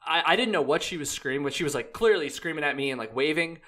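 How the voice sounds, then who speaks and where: A man's voice: fairly high pitch, lively intonation, quick pace, sharp tone. A young man telling a long hiking story in a loose, rambling way, full of "like"s, restarts and casual swearing. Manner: rambling, many "like"s and restarts, laid-back swearing. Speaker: hiker and podcast guest.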